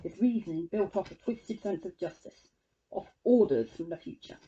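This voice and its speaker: A woman reviews a book in a chatty way, with sarcastic and scornful asides. Her pitch jumps around a lot. It sounds like casual spoken commentary. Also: animated, moderate pace, mellow, slightly rough, lo-fi sound.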